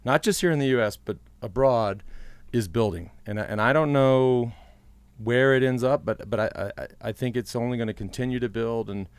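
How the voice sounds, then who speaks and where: A man's voice: mid-range voice, normal speed, smooth, dry recording. Blunt, emphatic male podcast co-host. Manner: emphatic, blunt, repeats words and restarts often. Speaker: podcast co-host, race analyst. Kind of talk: casual podcast chat.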